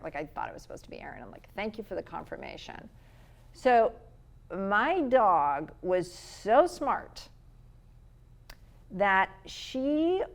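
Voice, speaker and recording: Middle-aged woman telling a lively story. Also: mid-range voice, gravelly. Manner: storytelling, animated, acts out quotes. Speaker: podcast co-host. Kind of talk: casual chat.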